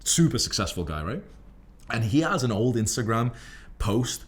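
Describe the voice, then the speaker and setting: A man's voice: medium pitch, very animated, moderate pace. A young man with a Liverpool accent giving a brash, profane motivational monologue to camera, swearing constantly and emphatically. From England. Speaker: self-improvement creator.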